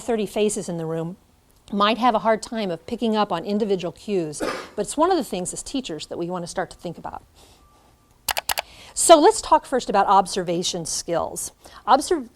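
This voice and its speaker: Middle-aged woman, teacher educator, lively classroom lecture, acts out examples. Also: medium pitch. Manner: animated, demonstrates by acting out lines.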